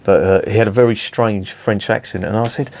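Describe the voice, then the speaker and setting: A man's voice: fairly low pitch, steady tone, fairly quick, darkish tone. A man in his fifties reviewing beer in a casual, rambling, sweary chat full of digressions.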